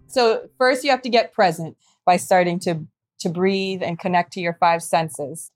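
A woman explaining something in a soft, calm way. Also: on the low side, unhurried, dry recording.

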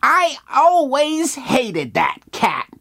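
A man voicing a vengeful seventy-six-year-old woman who speaks slowly and precisely. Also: very high-pitched, huge pitch swings, pushed and bright, pitched above the performer's own voice, full character voice. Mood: petty. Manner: slow and precise.

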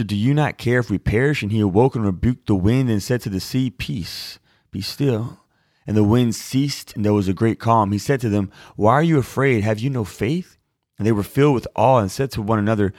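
Chatty low-voiced man in his thirties. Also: a little mellow, dry recording, clean studio sound. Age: 30s. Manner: chatty and informal, with fillers like "like" and "y'all". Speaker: Bible teacher answering a viewer question. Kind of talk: Bible reading and casual teaching.

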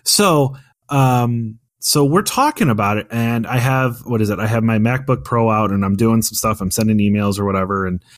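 A man's voice: lowish voice, normal speed, no echo, studio quality. A man in his thirties, a podcast co-host telling a story in casual chat, rambling with many fillers and restarts. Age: 30s.

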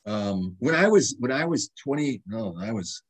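A man in his seventies, a doctor being interviewed, telling animated stories in casual conversation. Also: on the low side, normal speed, breathy edge. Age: 70s. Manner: animated storyteller, restarts and quotes himself. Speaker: guest doctor.

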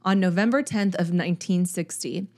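A woman, hosting a casual true-crime podcast in a chatty, animated way. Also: fairly low pitch, a little fast. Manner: chatty, animated, self-deprecating. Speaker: podcast host.

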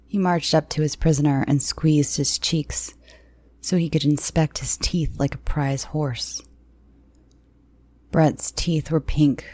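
Slow, low-voiced woman narrator. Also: no echo. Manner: slow, hushed, often near-whispered. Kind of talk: first-person dark audio fiction narration.

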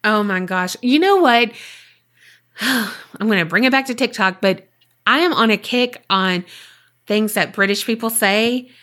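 Swearing, animated podcast woman. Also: medium pitch, a little slow. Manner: animated, swears freely, laughs often. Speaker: podcast co-host reading listener emails. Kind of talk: casual chat and reading aloud.

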